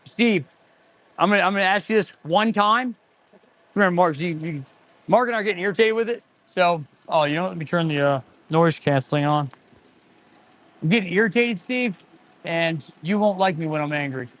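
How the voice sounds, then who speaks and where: A man's voice: high voice, normal speed, fairly bright tone. A man in his forties, an auto mechanic hosting a casual livestream, rambling and answering viewer chat as he goes. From United States.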